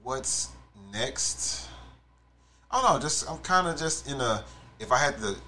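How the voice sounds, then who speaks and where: A man's voice: mid-range voice, expressive, unhurried, pushed and bright. A man co-hosting a casual chat, laid-back and reflective, often trailing off and restarting. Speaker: podcast co-host.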